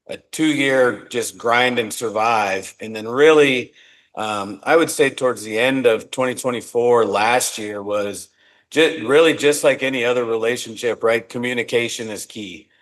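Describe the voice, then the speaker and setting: A man's voice: medium pitch, unhurried, fairly bright tone. A man being interviewed on a podcast as a company executive, speaking in an earnest, reflective way and often restarting his words. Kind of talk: casual interview talk.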